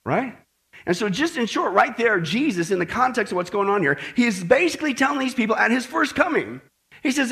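A male pastor preaching a sermon to his congregation in a lively, animated way, checking in often with "okay" and "right" and acting out the voices of the people he quotes. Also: very high voice, a little fast, creaky. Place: church in Las Vegas.

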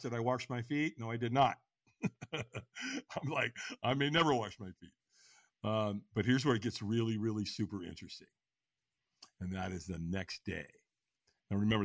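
A man telling his story as a podcast guest, lively and animated, acting out quotes and laughing often. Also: dry recording. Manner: lively storyteller, acts out quotes with big pitch jumps. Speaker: guest, firewalk instructor.

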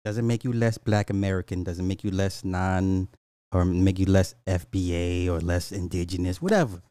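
A man from Illinois, a podcast host, ranting casually in a profane, laughing, animated way. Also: deep voice, normal speed, clean tone, no room sound. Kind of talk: casual comedic rant.

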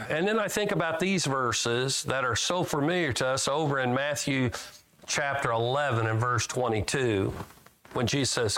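This man speaks at medium pitch, a little slowly, with a somewhat bright quality. Preaching in a folksy manner, he puts questions to his listeners and reads scripture aloud, building emphasis as he goes.

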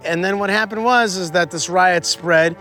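A man guiding a tour outdoors at a historic site, teaching history in an animated way and quizzing his listeners. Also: high-pitched, normal speed, soft background music. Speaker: tour guide. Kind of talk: history lesson told on a tour.

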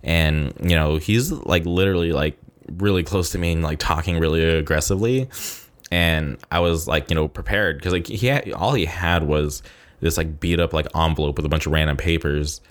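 A man's voice: extremely low pitch, moderate pace. A man vlogging in a loose, rambling way, leaning heavily on fillers like "like" and "you know" as he tells a story. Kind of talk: casual storytelling to camera.

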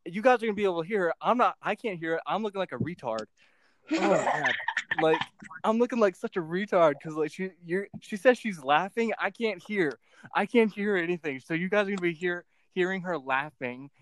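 A man's voice: sits high, lively intonation, a little fast, fairly bright tone. A young man hosting a casual podcast chat. He rambles, giggles often and teases as he reads out what his guest types. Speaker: podcast host.

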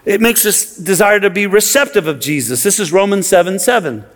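A man's voice: high-pitched, lively intonation, fairly quick. A man preaching a sermon in a church, impassioned, often repeating words as he presses his points. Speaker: pastor. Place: church sanctuary. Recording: long reverb of a large hall.

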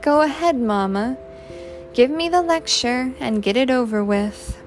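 A woman's voice: sits high, lively intonation, measured pace, faint music behind, pitched above the performer's own voice. A woman voicing a sassy, wisecracking teenage girl in a storybook reading. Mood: defiant. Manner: flippant, wisecracking.

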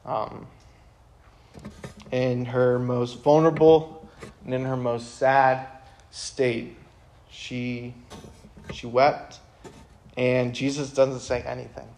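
A young man speaking to a room of high school students. His delivery is casual and earnest, with lots of "um" and "like". He stays quiet and reflective for long stretches, then turns loud and animated when he wants to drive a point home. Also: slow, pauses often, a little hiss or hum. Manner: casual, earnest, lots of fillers, bursts of energy. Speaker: youth speaker.

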